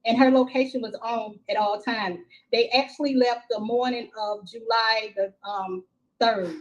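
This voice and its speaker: A middle-aged woman from Texas, a mother telling her story in a live-stream interview, halting and repeating herself with many fillers. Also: a little high, fairly even intonation, low-quality recording. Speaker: grieving mother, interview guest. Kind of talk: emotional first-person account in a live-stream interview.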